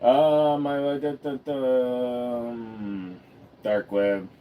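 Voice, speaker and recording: A man chatting casually on a live stream, swearing freely and talking to his dog in a high singsong. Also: fairly even intonation, drawn-out words, warm tone, a little hiss or hum.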